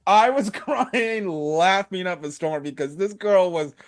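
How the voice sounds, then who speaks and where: A young man giving a casual, excitable anime review, laughing and using slang as he retells scenes. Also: sits high, a little slow.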